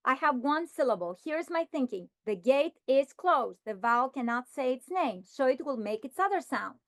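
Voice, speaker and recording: A woman modeling a phonics lesson for teachers, stretching out vowel sounds and words one at a time. Her voice sits fairly high, and the recording is dry and close. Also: expressive, a bit bright, no room sound. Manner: slow, deliberate sounding-out of words. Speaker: teacher trainer.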